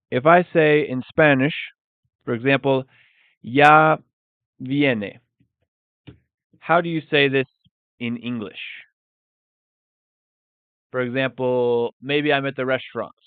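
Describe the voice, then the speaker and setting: Male teacher, measured and patient, drills example phrases; dry, phone-like recording. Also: medium pitch, clear, resonant tone, dry recording. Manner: explains slowly, repeats example phrases with emphasis. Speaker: English teacher. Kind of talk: bilingual live language lesson. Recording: dry, phone-like narrow sound.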